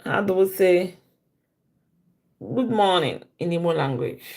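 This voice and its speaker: A woman teaching a live-stream language lesson, repeating each phrase slowly for learners. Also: fairly low pitch, animated, a little mellow.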